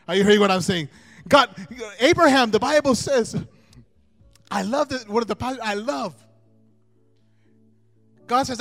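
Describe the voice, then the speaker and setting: A man preaching a sermon, emphatic, swinging from soft asides to loud, drawn-out proclamations. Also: high voice, animated. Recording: long hall reverb with faint music.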